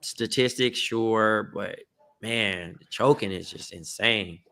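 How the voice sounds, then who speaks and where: A man's voice: on the low side, slow pace, creaky, pushed and bright. A man co-hosting a podcast in casual sports chat, slangy and exasperated, saying bruh often. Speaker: podcast co-host.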